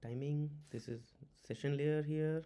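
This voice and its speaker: Halting man teaching tech. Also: a little high, steady tone, warm tone, smooth. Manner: halting, many uh fillers and restarts, repeats key words. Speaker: automotive diagnostics instructor. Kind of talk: informal whiteboard lecture.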